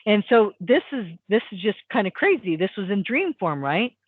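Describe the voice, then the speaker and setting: A woman's voice: mid-range voice, moderate pace, husky, dry recording. Woman telling a story over a tinny phone line. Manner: rambling, animated storytelling with many fillers. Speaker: guest, hypnotist. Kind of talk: casual storytelling on a call.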